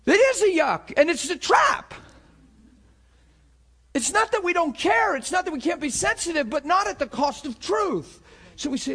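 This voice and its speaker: A male pastor delivers a sermon in a strikingly high voice. He rises to shouted cries, then drops to quiet, intimate passages. He often repeats words and restarts his sentences as he goes. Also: big pitch swings, moderate pace. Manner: preaching with swings from shouts to hushed tones.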